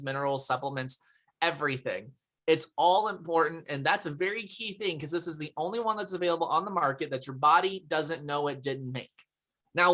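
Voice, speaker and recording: A woman whose voice is on the low side and a bit bright hosts a live product presentation on a video call, using a computer mic. The talk is upbeat and chatty, with frequent laughter and greetings to viewers from the chat by name.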